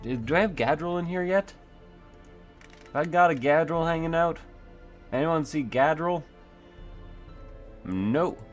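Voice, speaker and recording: A man's voice: on the high side, animated, unhurried, long pauses, faint music behind. A man hosting a let's play, thinking aloud in a rambling, self-mocking way with many fillers. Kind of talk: casual gameplay commentary.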